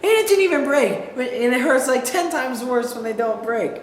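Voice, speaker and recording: Young guy doing a funny story monologue, really lively, echoey school hall, bit of noise. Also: very high voice, normal speed. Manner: animated, acts out quotes with shouts. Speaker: student performer. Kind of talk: memorized comic monologue.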